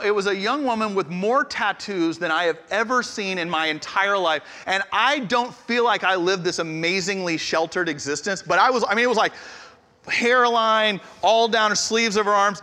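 Bright-voiced male pastor in a reverberant hall. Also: high voice. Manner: conversational, self-deprecating, animated with emphatic outbursts. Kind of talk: sermon with storytelling.

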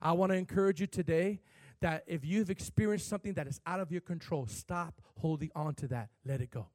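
A man, a pastor, preaching a sermon, swinging from shouted, fervent peaks to quiet, hushed storytelling. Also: fairly high pitch, brisk, dry recording.

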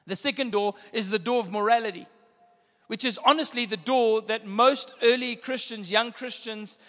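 High-voiced preacher in a reverberant hall. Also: male voice, normal speed, pushed and bright. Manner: emphatic preaching with repetition and rising intensity. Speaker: pastor. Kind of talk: sermon.

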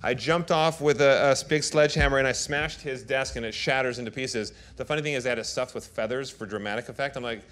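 A man telling animated stories on stage to a live audience, playing to the crowd. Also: medium pitch, quick pace, few pauses. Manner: animated storyteller who plays to the audience. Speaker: TV host talking with an interviewer. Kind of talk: lively on-stage anecdotes.

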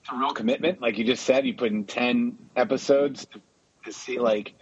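A man's voice: medium pitch, steady tone, moderate pace, slightly rough, dry recording. A man co-hosting a podcast, chatting casually and stumbling over his words. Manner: chatty, stumbling restarts, laughs often. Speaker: podcast co-host. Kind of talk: casual chat. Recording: dull lo-fi sound.

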